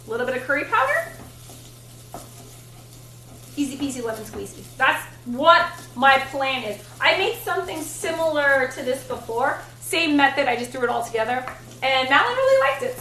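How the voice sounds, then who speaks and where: Young woman, high voice, chatty and blunt, casual livestream chat, echoey home kitchen, faint sizzling. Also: sharp tone, slight background noise. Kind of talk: casual chat while cooking on stream.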